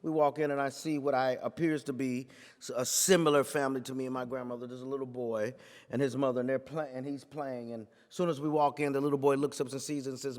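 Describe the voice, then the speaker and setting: A man's voice: medium pitch, level tone, quick pace. Male preacher at a lectern; story-driven talk in a preaching cadence, echoing hall. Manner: rhetorical, repeats phrases for emphasis, builds to forceful peaks. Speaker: pastor giving a talk.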